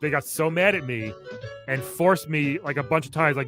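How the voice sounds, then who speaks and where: A man co-hosting a casual chat over gameplay, joking in quick asides, with game music behind him. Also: on the high side, a bit bright. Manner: chatty, jokey, quick asides. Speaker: co-host.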